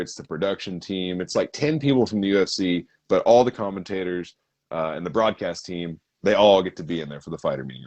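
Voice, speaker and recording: A man's voice: deep voice, darkish tone. A man co-hosting a casual podcast, telling a story in a rambling, profane way. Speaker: podcast co-host. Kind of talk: casual chat.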